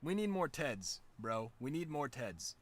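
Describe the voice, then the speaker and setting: A man's voice: medium pitch, very animated, a little slow, a little hiss or hum. A man streaming from home, telling stories in a loose, profane, laid-back way. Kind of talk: casual storytelling chat.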